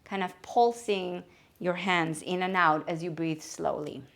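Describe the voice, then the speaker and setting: A woman yoga teacher giving calm, gentle spoken cues for breathing and movement. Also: on the low side, unhurried, vocal fry. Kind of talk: guided yoga instruction.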